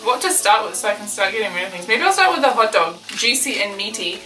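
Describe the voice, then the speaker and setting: A young Australian woman in her twenties chatting casually and giggling as she tastes fast food at home. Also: mid-range voice, animated, reverberant, recorded from a distance, over music, poor audio. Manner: chatty, giggly, thinking aloud. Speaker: food vlogger. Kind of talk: casual food review vlog. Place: bedroom at home.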